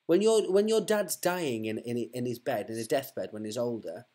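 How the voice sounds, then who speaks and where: A man's voice: medium pitch, animated, normal speed, dark tone. A man, preaching fervently to one listener, often repeating himself and restarting his sentences.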